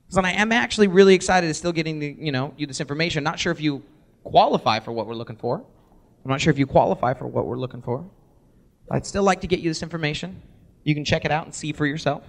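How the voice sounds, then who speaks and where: Fast-talking energetic male workshop presenter. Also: on the high side, gravelly. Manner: energetic, acts out sample voicemails. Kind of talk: live workshop talk.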